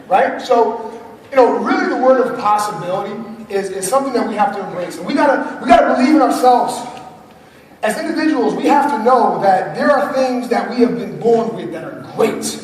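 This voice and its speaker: Energetic man speaking in an echoey hall. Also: high-pitched, brisk, a crowd in the background, noisy background. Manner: energetic, builds to shouts, laughs often. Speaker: motivational speaker. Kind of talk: motivational speech to a live audience. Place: large conference hall. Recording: echoey hall recording from far off.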